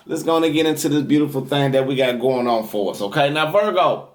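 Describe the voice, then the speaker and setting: A man's voice: mid-range voice, brisk, few pauses. A man giving a tarot reading, leading prayer and guided breathing in a preachy, repetitive way. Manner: preachy, repetitive, calls out to viewers. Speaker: tarot reader. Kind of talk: spiritual reading with guided meditation.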